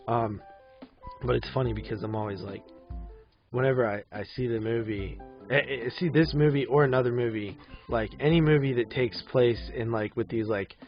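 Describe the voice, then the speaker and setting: A man's voice: medium pitch, moderate pace, lo-fi sound, soft background music. A man in his thirties co-hosting a casual movie podcast, rambling with lots of fillers and easy laughs. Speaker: podcast co-host.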